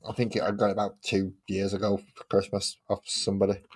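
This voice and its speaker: A man's voice: on the low side, little pitch movement, a little fast. A young man with a Manchester accent chatting casually while painting miniatures, rambling, repeating phrases and singing little tunes to himself. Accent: Manchester English. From England.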